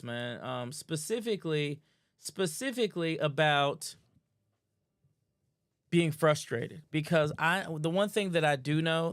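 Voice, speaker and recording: A man with a smooth, resonant voice, pitched a touch higher than most men, talks like a hype host warming up a livestream crowd. He loops back over his own phrases and stumbles through restarts, always upbeat. The sound is close and dry. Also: no room sound. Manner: energetic, repeats phrases, ends lines with "man". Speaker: host of a live online show. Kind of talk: casual hyped-up livestream talk.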